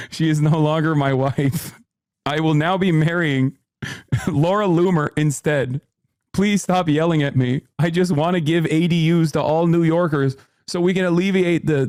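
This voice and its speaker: A man's voice: a little high, fairly even intonation, unhurried, a little mellow, dry recording. Sarcastic man streamer, dry sound. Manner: sarcastic, mocking, laughs often. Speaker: streamer in a played clip. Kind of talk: casual stream commentary, reading aloud.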